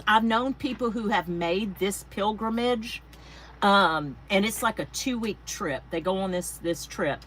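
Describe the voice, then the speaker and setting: A woman's voice: fairly low pitch, slight background noise, poor audio. A woman hosting a casual craft livestream, chatting and thanking viewers by name with rambling asides. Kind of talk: casual live-stream chat. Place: home craft space.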